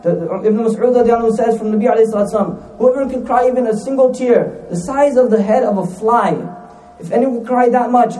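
A man's voice: sits high, dark tone, echoey room, recorded from a distance, rough recording. A man preaching a sermon, repeating lines for emphasis, asking rhetorical questions and mixing in recited Arabic phrases.

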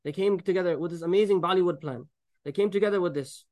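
A man preaching a sermon, explaining Quran verses with Arabic recitation, animated and joking as he acts out the people in the story. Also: high voice, fast talker. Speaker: Islamic preacher.

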